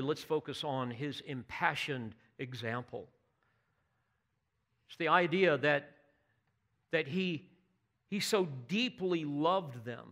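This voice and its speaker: A man's voice: on the high side, a bit bright. Earnest, emphatic man preaching a sermon. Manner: earnest, emphatic preaching with rising bursts of intensity; asks the listeners direct questions. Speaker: pastor.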